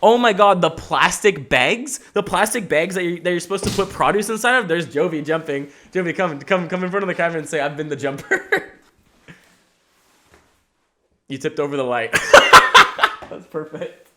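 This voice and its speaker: A man's voice: a little high, normal speed, slight background noise. A young adult man hosting a podcast, riffing in a casual comedic monologue, rambling and swearing freely. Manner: animated, rambling, swears freely, self-mocking. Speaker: podcast host.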